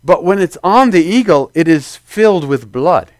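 Male pastor, high-pitched, dry close sound; casual sermon delivery with acted-out quotes. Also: expressive, moderate pace, no echo. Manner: conversational preaching, acts out quoted voices.

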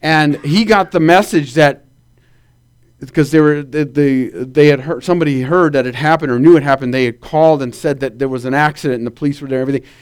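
A man preaches with a notably high voice, leaning into vivid storytelling. He keeps asking his listeners to say amen as he goes. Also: fast, clean tone. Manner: animated storytelling with calls for amen. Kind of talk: sermon.

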